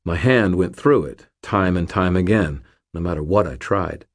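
A man's voice: sits low, normal speed, dry recording, clean studio sound. A man reading a first-person story aloud in a wry, terse, hard-boiled manner. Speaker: audiobook narrator. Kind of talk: first-person scripted narration.

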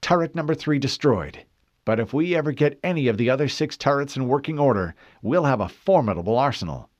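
A man voicing a female shipboard artificial intelligence who speaks briskly and confidently. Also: high voice, wildly swooping pitch, dry recording, muffled recording, pitched above the performer's own voice, exaggerated voice. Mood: triumphant. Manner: brisk, triumphant.

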